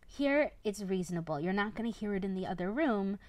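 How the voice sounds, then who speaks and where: A woman's voice: mid-range voice, lively intonation, fairly quick, darkish tone, dry recording. A woman, a parent, chatting through a casual toy review and often tagging a questioning "right?" onto her points.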